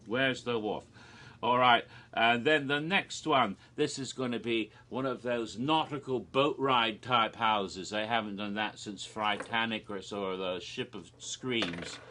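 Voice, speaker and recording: A man joking his way through a rambling, deadpan comedic monologue, with frequent restarts. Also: medium pitch, measured pace, a little hiss or hum. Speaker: video creator. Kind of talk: comedic monologue of made-up haunted houses.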